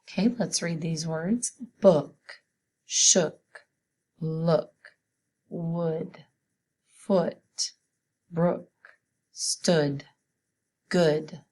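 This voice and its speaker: A woman teacher giving a spelling lesson for children, sounding out each letter slowly and patiently. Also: low-pitched, steady tone, a little mellow.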